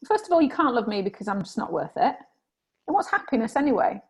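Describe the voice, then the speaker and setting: Woman guest, raspy and gravelly, candid and reflective. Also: on the high side, fast, low-quality recording. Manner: candid and animated when reenacting herself. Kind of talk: reflective conversation.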